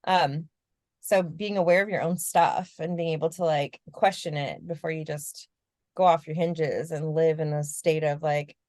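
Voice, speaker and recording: Candid lower-voiced woman in casual chat. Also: fairly even intonation, normal speed, darkish tone, dry recording, studio quality. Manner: candid, reflective, swears casually, laughs often. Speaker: podcast co-host.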